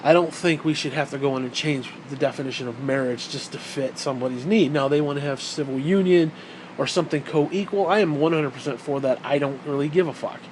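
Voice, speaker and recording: A man's voice: on the high side, a little fast, a little mellow, a little hiss or hum, poor audio. A man delivering a heated, profane and sarcastic ranting monologue as a vlogger.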